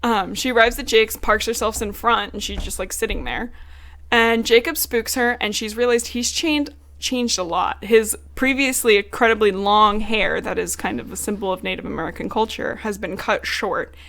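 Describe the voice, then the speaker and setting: A woman's voice: medium pitch, normal speed, fairly bright tone, a little hiss or hum. A woman co-hosting a podcast, casually recapping a book with loose talk and swearing. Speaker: podcast co-host.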